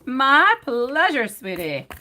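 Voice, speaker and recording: A woman's voice: sits high, big pitch swings, slow, bright, forceful tone, a little hiss or hum. A woman doing a live-stream tarot reading, affectionate and chatty, calling her viewers pet names like sweetie and my love. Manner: chatty, sings snatches while shuffling.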